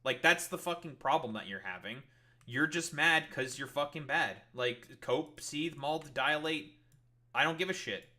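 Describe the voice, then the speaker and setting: Male streamer, fairly high and very bright, cutting voice; swears freely, sarcastic and exasperated. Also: a little slow. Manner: profane, sarcastic, exasperated ranting. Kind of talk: heated livestream rant at chat.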